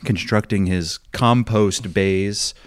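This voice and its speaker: A man co-hosting a podcast in casual chat, teasing his co-host in a deadpan way. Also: lowish voice, slow pace, no echo, clean studio sound.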